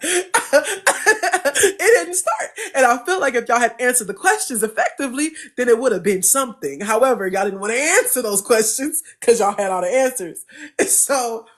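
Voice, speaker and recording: Host, woman, lively storyteller, slightly high voice. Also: a little fast. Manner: animated storytelling, mocking quotes, frequent laughter. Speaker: podcast host. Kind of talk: casual chat.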